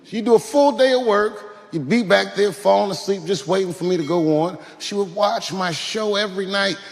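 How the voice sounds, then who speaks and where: A man's voice: high-pitched, normal speed, vocal fry. Earnest man speaking in a reverberant hall. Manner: earnest, addresses his mother directly. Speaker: speaker honoring his mother. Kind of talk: heartfelt tribute speech.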